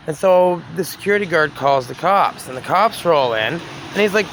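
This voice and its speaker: A man's voice: fairly high pitch, fairly quick, few pauses, fairly bright tone, slight background noise. Rambling, profane man outdoors. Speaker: man telling his story on the street. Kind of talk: rambling casual storytelling. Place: outdoors on a city street at night.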